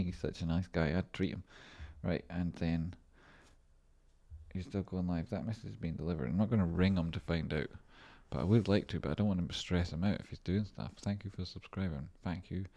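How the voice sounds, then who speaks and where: Deep-voiced man chatting on a trading stream. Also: dark tone, muffled recording. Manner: rambling, joking and swearing while reading chat. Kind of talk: casual livestream chat.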